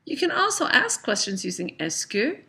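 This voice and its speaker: A woman teacher explaining grammar clearly in a recorded lesson, reading slow example sentences. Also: fairly high pitch, huge pitch swings, heavy background noise. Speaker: French teacher.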